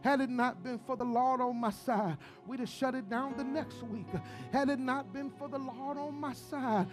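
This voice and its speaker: A male pastor preaching a sermon in a church, fervent and call-and-response, building from quiet to shouting, with many "uh"s and "come on now"s. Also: very high-pitched, steady tone, normal speed, music in the background.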